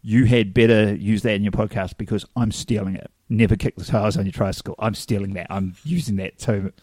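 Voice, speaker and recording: A man's voice: on the low side, brisk, no room sound. A New Zealand man co-hosting a podcast, telling stories in casual chat and acting out the quotes. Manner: animated storyteller acting out quotes. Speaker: podcast co-host.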